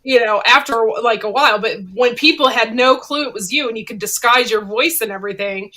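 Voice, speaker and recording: A woman's voice: on the high side, fairly quick. A woman co-hosting a casual chat show, telling stories with lots of laughter. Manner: animated storyteller, laughs a lot. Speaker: podcast co-host.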